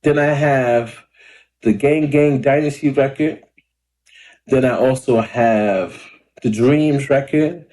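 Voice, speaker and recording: A man in his thirties chatting casually to camera in a rambling, laid-back way, a little hoarse and clearing his throat often. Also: medium pitch, slow pace, pauses often, a little mellow. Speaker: independent rapper and vlogger. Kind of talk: casual talking-to-camera vlog. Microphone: camera or phone mic.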